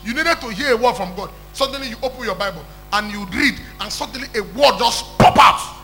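Emphatic high-voiced male preacher. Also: expressive, a little fast, pushed and bright, soft background music, poor audio. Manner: emphatic, repeats phrases, calls for hallelujah. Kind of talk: call-and-response sermon.

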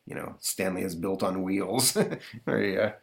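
A man's voice: deep voice, fairly even intonation, a little slow, vocal fry. A man hosting a podcast, retelling a comic strip in rambling casual chat with fillers and chuckles. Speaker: podcast host.

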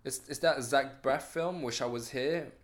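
A man's voice: mid-range voice, a little slow. Rambling young man chatting. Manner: rambling, hesitant, swears casually. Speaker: film chat participant. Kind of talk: casual chat.

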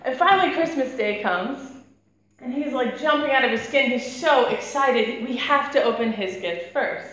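A woman's voice: high-pitched, big pitch swings, a little fast, a crowd in the background. Chatty woman preacher in an echoey hall. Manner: chatty, laughs while telling stories. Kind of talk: conversational sermon with storytelling. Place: church hall. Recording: echoey church hall with faint noise.

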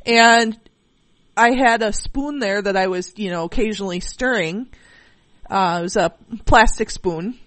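A woman's voice: medium pitch, unhurried, fairly bright tone, dry recording. A woman co-hosting a podcast, telling a rambling story with many fillers and restarts. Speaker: podcast co-host. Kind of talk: casual chat.

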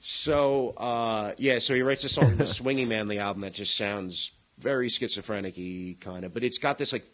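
A man's voice: lowish voice, moderate pace, few pauses, fairly bright tone, rough recording. A man in casual podcast chat about music, rambling, laughing often and swearing casually. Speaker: podcast co-host.

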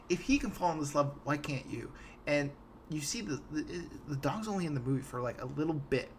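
This young podcast host has a voice on the high side and rants about a film in a casual, animated way, cursing freely and stumbling into restarts as his words trip over each other. Slight background noise can be heard.

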